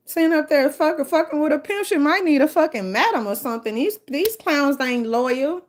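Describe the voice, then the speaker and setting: A woman with a New Orleans accent hosting a casual, profane storytelling monologue, brash and animated. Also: high-pitched, moderate pace. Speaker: host.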